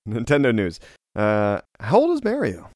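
A man's voice: mid-range voice, huge pitch swings, a little slow, a little mellow, dry recording, studio quality. A man co-hosting a casual podcast, laughing often and reading news items aloud to his friends.

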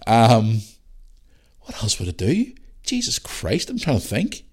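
A middle-aged man with a Northern Irish accent hosting his own podcast alone, ranting bluntly with lots of swearing and tired from a rough day. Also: mid-range voice, huge pitch swings, a little slow, a little mellow. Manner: blunt and sweary, rambling rants. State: tired, yawning. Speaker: podcast host. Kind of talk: casual solo podcast chat.

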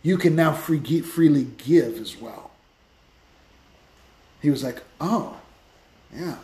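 A man hosting a Christian podcast, telling stories in a lively, casual way with many restarts. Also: fairly high pitch, slow, echoey room. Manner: animated storytelling with many restarts. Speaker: podcast host, Christian speaker. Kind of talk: casual faith talk.

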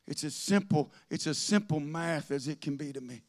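A man's voice: fairly high pitch, moderate pace. A man preaching a sermon, telling folksy stories that rise into fervent preaching.

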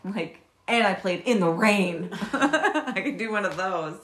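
A woman in her thirties chatting casually on a podcast, excitable and quick to laugh. Her voice is bright and forceful, and she swears freely as she talks. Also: mid-range voice. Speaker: podcast co-host. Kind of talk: casual chat.

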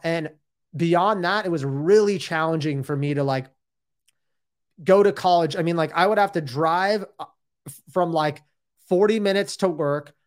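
A man in his thirties telling his own story in a casual, rambling and candid way, often saying "dude" and "like". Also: fairly high pitch.

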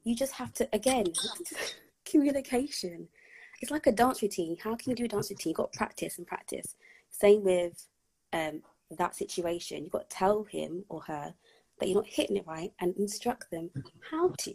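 A woman's voice: medium pitch, animated, normal speed, creaky, darkish tone, breathy edge, rough recording. A woman speaking frankly and with strong opinions as a guest in a casual live stream chat.

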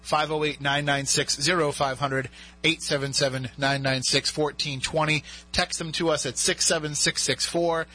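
Chatty Massachusetts radio host, bright voice. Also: male voice, on the high side, steady tone, moderate pace. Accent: South Coast Massachusetts. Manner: chatty, upbeat, reads phone numbers in clusters. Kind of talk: talk radio hosting. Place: radio studio.

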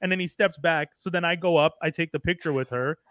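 A high-pitched man with a bright, forward voice chats on a livestream podcast, dry and close on the mic. He is from Montreal and tells stories with lively acted-out quotes. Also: fast, no echo. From Montreal, Canada. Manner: animated storyteller who acts out quotes. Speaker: podcast co-host. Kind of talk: casual livestream chat.

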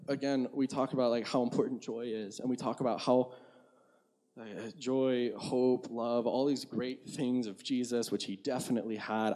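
Young male pastor with a warm, mellow voice, preaching in an easygoing, chatty way. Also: mid-range voice. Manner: conversational, frequent "like" fillers, laughs at himself. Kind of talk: casual sermon.

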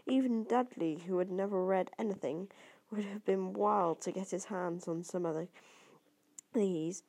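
A woman's voice: mid-range voice, a little slow, dark tone. A woman doing an amateur audiobook reading, stumbling over words and restarting now and then. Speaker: reader.

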